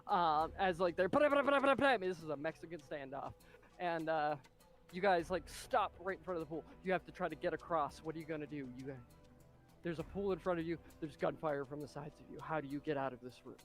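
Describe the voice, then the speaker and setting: A man narrating as game master of a tabletop game, excitable and full of fillers and spoken sound effects. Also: a little high, a little fast, faint music behind.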